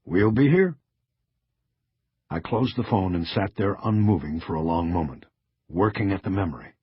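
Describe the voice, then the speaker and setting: Low husky guy narrating an audiobook, even and measured, dry close sound. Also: no echo, dull audio. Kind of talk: first-person scripted narration.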